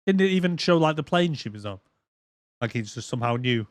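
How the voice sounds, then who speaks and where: A man's voice: medium pitch, expressive, brisk, no echo. Sarcastic man reviewing films. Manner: sarcastic, acts out scenes. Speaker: podcast host. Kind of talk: casual movie review chat.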